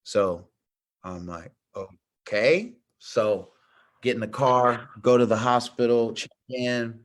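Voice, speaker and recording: A middle-aged man telling a personal story in casual chat, animated and slangy, acting out what others said. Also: mid-range voice, slow. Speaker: podcast guest.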